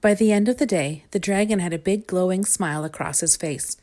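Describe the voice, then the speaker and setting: A woman reading a children's storybook aloud in a calm, measured way. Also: on the low side. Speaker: storybook reader.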